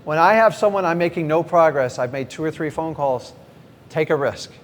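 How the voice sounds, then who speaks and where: A middle-aged man teaching a live seminar. He is energetic and direct, often questions the audience and then answers himself. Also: a little high, a little fast. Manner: energetic, direct, acts out sample conversations. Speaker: real estate investing trainer. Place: large event hall with a live audience. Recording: echoey hall, faint background noise.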